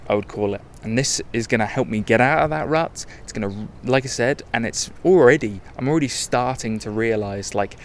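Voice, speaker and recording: Candid rambling man, low voice. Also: a little hiss or hum. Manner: rambling, candid, self-correcting. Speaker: podcast host. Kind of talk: casual travel podcast monologue.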